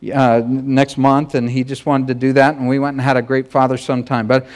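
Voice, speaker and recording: A man in his thirties, a pastor, giving a sermon in a conversational, animated storytelling way. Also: mid-range voice, a little fast.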